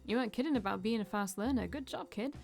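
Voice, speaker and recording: A woman's voice: a little high, quick pace, creaky, a little mellow, faint music behind. A woman doing a friendly bartender guy. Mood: easygoing. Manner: easygoing 1920s slang. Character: friendly male bartender and musician, patient mentor.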